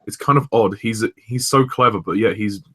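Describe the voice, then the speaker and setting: A young man hosting a casual review chat, rambling with many pauses and restarts. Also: on the low side, a bit bright. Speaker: host of a review discussion.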